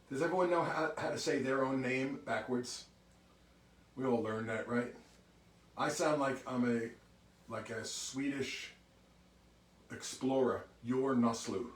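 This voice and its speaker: A man's voice: mid-range voice, steady tone, slow, pauses often, recorded from a distance. Chatty man greeting livestream viewers, roomy. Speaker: musician hosting a livestream. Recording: roomy sound from off mic.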